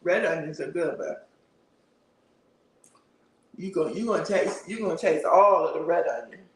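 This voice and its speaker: Host type: high-pitched man, chatty live streamer who laughs a lot, sitting back from the mic. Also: lively intonation, normal speed, fairly bright tone, recorded from a distance, slight background noise. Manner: chatty, laughs often, answers viewer comments. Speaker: livestream host. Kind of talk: casual livestream chat. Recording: roomy, a bit off-mic.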